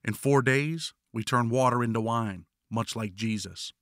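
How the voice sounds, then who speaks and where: A man's voice: mid-range voice, unhurried, a bit bright, dry recording, studio quality. A man narrating his own prison memoir as an audiobook, blunt and wry.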